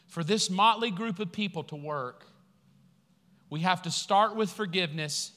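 A man pastor preaching a sermon, telling a story with lively acted-out quotes before turning quiet and earnest. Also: high-pitched, unhurried, pauses often. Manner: animated storytelling, acting out quotes, laughing, then quiet and earnest. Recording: long hall reverb.

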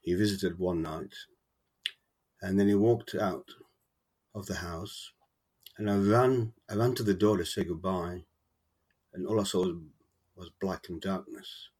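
A man being interviewed about his book, telling his faith story in a halting, earnest way with many repeated words. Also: low-pitched, darkish tone. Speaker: author guest. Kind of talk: casual interview, personal testimony.

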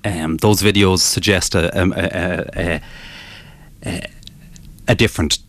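Deep-voiced man explaining steadily. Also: steady tone, fairly bright tone, dry recording. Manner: measured, explanatory, with frequent restarts. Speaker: author and business owner guest. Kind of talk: radio interview.

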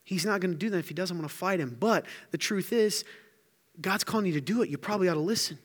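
Male pastor, energetic conversational sermon, slightly high voice, reverberant room. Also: quick pace. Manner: energetic, joking, conversational preaching.

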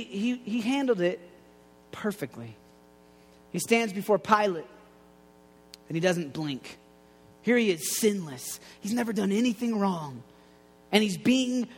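Dude preaching chill and slangy, pretty high voice, lots of hall echo. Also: male voice, animated, a little slow, long pauses, husky, soft background music. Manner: conversational, slangy, drops quiet for quoted lines. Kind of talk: casual sermon.

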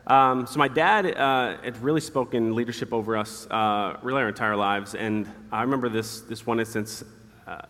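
A man in his thirties, a guest telling earnest personal stories in an interview, quick and candid. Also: mid-range voice, fairly even intonation, a bit bright. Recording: hall reverb.

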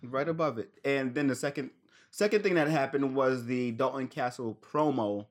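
This podcast co-host has a mid-range voice and a moderate pace. He rambles through a casual wrestling recap, laughing often and trailing off mid-sentence.

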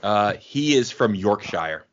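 A man in casual movie chat, rambling and pausing with fillers as he recalls names. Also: on the low side, animated. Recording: dull lo-fi sound.

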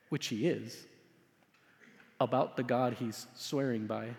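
A man preaching a sermon as pastor, telling a story dramatically, swinging between loud emphasis and hushed asides. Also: mid-range voice, moderate pace, creaky. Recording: long hall reverb.

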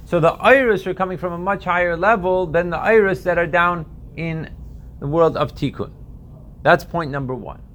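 A man's voice: high-pitched, normal speed, fairly bright tone, slight background noise. A man teaching a text-based class in a conversational way, often checking in with his listeners and trailing into asides. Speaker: Torah teacher. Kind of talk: casual explanatory class.

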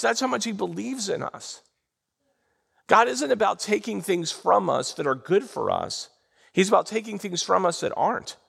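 A man preaching a sermon in church, animated and drawing responses from the congregation. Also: high-pitched, creaky, slightly rough. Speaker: pastor. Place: church sanctuary.

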